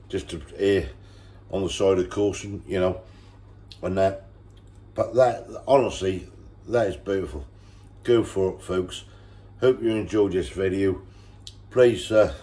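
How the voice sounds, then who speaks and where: A man presenting a casual home cooking video, relaxed and enthusiastic about the food. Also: low voice.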